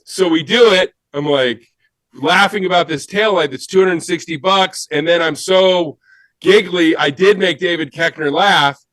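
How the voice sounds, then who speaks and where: Animated, higher-voiced male storyteller. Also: unhurried, no room sound. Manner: animated, giggly storyteller acting out quotes. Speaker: panelist. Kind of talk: anecdotal storytelling on a panel.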